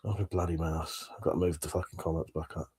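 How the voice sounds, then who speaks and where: A man's voice: extremely low pitch, completely flat delivery, quick pace, darkish tone, breathy edge. A man hosting a livestream, chatting casually and rambling as he reads out comments, swearing now and then. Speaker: livestream host. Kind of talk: casual chat reading out live comments.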